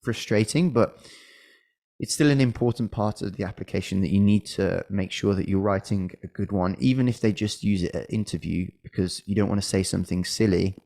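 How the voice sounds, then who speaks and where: A man's voice: fairly low pitch, brisk, vocal fry, dark tone. A middle-aged man, a medical school admissions coach, giving casual advice with frequent restarts and an occasional cough. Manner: conversational, hesitant with restarts and fillers. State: coughing, slightly unwell.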